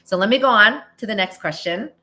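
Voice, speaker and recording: A middle-aged American woman hosts a podcast, answering listener questions in a casual, chatty monologue. Her medium-pitched voice is bright and forceful, with lively intonation and a brisk pace. She restarts often and acts out little quoted lines.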